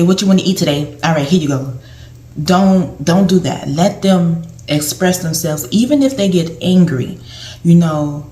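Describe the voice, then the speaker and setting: Woman, caregiver sharing advice. Casual vlog delivery, slightly low pitch, echoey room sound. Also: darkish tone. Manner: conversational, repeats and restarts phrases. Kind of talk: casual advice talk to camera.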